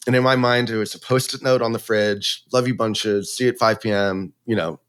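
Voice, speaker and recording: A man's voice: lowish voice, fairly quick, hardly any pauses. A man casually telling the story of his winery's wine label, acting out the quotes and laughing as he goes. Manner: animated, acts out quotes with laughs.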